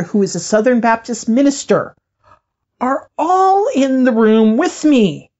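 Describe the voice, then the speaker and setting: A woman co-hosting a podcast, telling a story in a lively way and laughing often. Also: fairly high pitch, dull audio. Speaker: podcast co-host.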